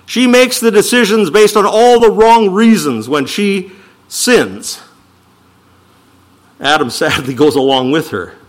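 A man preaching a sermon, reading scripture slowly and with emphasis, then explaining it in quicker asides. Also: high-pitched. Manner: emphatic, swings from slow declaiming to quick asides. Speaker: pastor.

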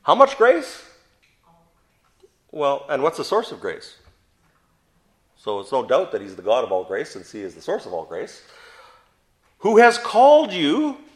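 A man's voice: medium pitch, sing-song, moderate pace, pauses often, a bit bright. A man teaching a Bible study to a group, asking them questions and answering them himself, with emphatic stress on key words.

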